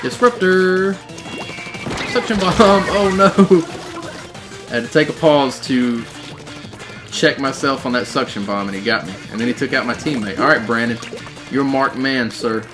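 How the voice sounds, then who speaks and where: A man streaming live gameplay, excitedly calling out plays and reading chat messages aloud. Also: mid-range voice, brisk, over music. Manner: excitable, shouting out game callouts. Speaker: gaming streamer.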